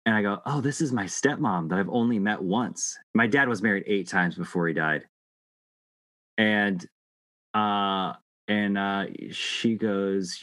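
A middle-aged man telling a long personal story in casual chat, halting and restarting often. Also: lowish voice, fairly bright tone, no echo. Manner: rambling, halting with many restarts.

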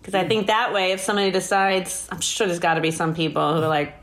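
A woman's voice: fairly low pitch, fast, a little hiss or hum. A woman guest telling a story in a casual interview, laughing often and acting out what people said. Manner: animated, laughing often, acts out quoted lines.

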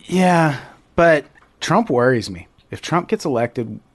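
A man's voice: a little high, lively intonation, slow. A male podcast co-host talks in casual chat. He is earnest and swears freely.

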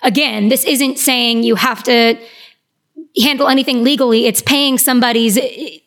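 A woman's voice: fairly high pitch, steady tone, moderate pace. A woman speaking as a panelist in a discussion, earnest and questioning.

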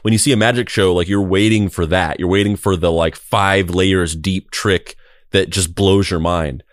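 A man's voice: low voice, steady tone, normal speed, dry recording, clean studio sound. A man co-hosting a podcast in casual chat, rambling and heavy on fillers. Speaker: podcast co-host.

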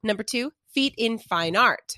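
A woman's voice: a little high, lively intonation, a little slow, pushed and bright, dry recording. A woman co-hosting a podcast who is sick, chatting playfully, giggling often and swearing freely. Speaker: podcast co-host. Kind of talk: casual chat.

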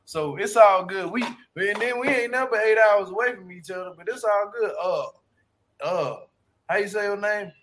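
A man's voice: high voice, normal speed, fairly bright tone, slight background noise. A man from Louisiana with a Shreveport accent, chatting casually, laughing often and swearing freely. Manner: laughs often, loose and profane. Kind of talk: casual chat.

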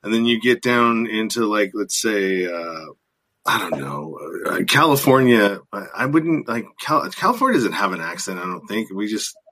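An American man hosts a loose, casual interview, rambling and hesitant, full of fillers and restarts. His voice sits fairly low but sounds bright and forceful. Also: sing-song, normal speed. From United States. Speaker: host.

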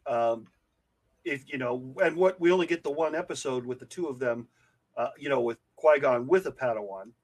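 A man's voice: mid-range voice, normal speed, poor audio. A man co-hosting a casual fan podcast, joking and quoting film lines in playful put-on voices. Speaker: podcast co-host.

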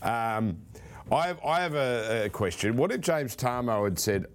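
A man's voice: medium pitch, expressive. Playful man hosting a podcast. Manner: playful, teasing, quick to laugh. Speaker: podcast host. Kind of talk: casual sports podcast chat. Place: studio room at league headquarters.

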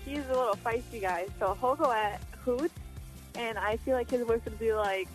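A woman's voice: on the high side, normal speed, faint music behind, rough recording. A woman calling in to a radio show, describing her pets in an amused way. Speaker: caller. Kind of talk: call-in chat.

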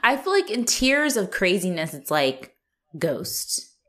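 A woman's voice: medium pitch, very animated, takes it slowly, a bit bright. A woman co-hosting a casual movie chat, talking loosely with many fillers and swearing. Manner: chatty, filler-heavy, profane, laughs often. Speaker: podcast co-host.

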